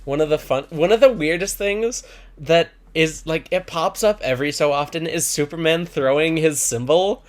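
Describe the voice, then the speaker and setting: A podcast co-host in casual chat, making relaxed short remarks about movies. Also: medium pitch, normal speed.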